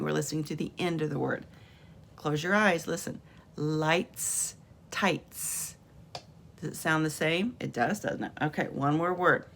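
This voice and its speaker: A woman teacher giving a patient home video lesson on phonics, sounding out letters and words slowly from her room. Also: sits low, a bit bright.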